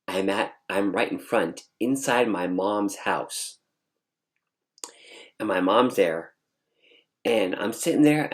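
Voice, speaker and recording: A man telling a dream story in a dramatic, sassy way as a vlogger. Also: fairly low pitch.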